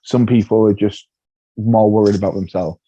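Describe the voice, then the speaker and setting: Animated man telling comic stories. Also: fairly low pitch, normal speed. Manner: animated storyteller, acts out voices, laughs often. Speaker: comedian guest. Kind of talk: casual interview chat. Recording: dull lo-fi sound.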